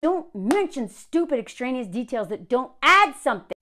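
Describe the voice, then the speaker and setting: A woman's voice: on the high side, very animated, a little fast, hardly any pauses, pushed and bright. A woman giving sarcastic reaction commentary on a story she reads aloud. She gets worked up as she talks. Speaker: video commentator.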